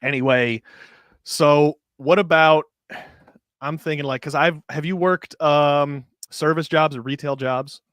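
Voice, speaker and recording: Male host, mid-pitched, swears freely and rants with dry sarcasm, recorded on a dead-dry mic. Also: steady tone, unhurried, a bit bright, dry recording. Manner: ranting, profane and sarcastic. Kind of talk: casual podcast chat.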